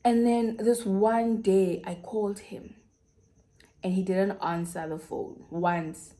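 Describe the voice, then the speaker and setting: A woman's voice: mid-range voice, steady tone, slow, warm tone. Frank South African woman telling a story. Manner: frank, slangy, confiding. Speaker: YouTuber. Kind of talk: candid storytime chat.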